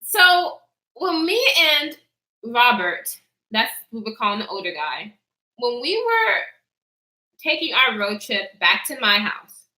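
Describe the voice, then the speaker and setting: Animated young woman telling a story time. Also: fairly high pitch, roomy sound. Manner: animated, acts out quotes, reads live chat, laughs often. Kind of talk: casual storytelling to camera.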